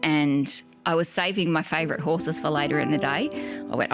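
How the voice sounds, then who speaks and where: A woman calmly recalling her past in a reflective documentary interview. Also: low voice, moderate pace, over music.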